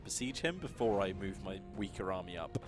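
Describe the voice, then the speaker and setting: A man, co-hosting a livestream and commenting casually on his own strategy gameplay with excitable reactions. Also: sits low, fairly quick. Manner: excitable, reacts loudly to the game. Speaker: co-host playing a strategy game on a livestream. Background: game music.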